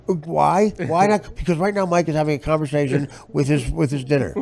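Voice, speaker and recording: A man's voice: a little high, fairly even intonation, a little fast, vocal fry, a little mellow. A man hosting a comedy podcast, roasting his guest with sarcastic, profane banter into a studio mic. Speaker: podcast host.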